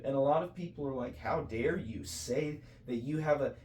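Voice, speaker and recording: A man's voice: medium pitch, normal speed, hardly any pauses, darkish tone, roomy sound, recorded from a distance, a little hiss or hum. A man co-hosting a casual faith talk, speaking earnestly and preachily with many restarts and self-corrections. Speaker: podcast co-host.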